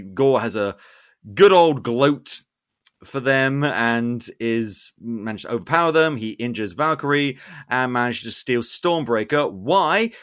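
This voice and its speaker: A man hosting a podcast, recapping a film in casual chat with animated, sarcastic asides. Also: medium pitch. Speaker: podcast host.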